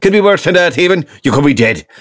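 An old Northern Irish grandfather, as a man puts him on, loud and excitable, his voice jumping well above the speaker's own. The recording is dry and close. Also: on the high side, quick pace, no echo, voice pushed up. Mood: exasperated. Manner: excitable, escalating.

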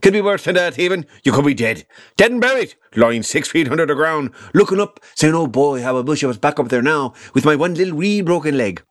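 A man voicing his gruff, stoic Northern Irish grandfather, who hammers his point home with loud repetition and gallows humor. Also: on the high side, animated, a little fast, no room sound, clean studio sound, voice pushed up, natural voice. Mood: gruff scolding.

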